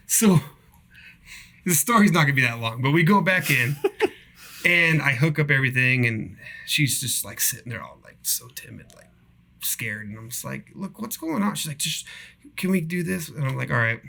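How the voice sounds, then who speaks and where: A man casually telling profane, animated stories about his cable installer job. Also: mid-range voice, normal speed, vocal fry, pauses often, slight background noise. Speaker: podcast guest, cable installer. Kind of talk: casual storytelling.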